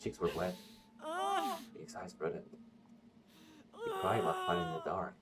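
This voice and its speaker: A man's voice: sits low, moderate pace, background noise. A man streaming a game, reading its story text aloud and talking back to the characters with swearing and jokes. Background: game music.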